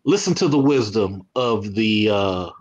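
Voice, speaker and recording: A man commenting on a video clip in a slow, mocking, casual way. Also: on the low side, expressive, muffled recording.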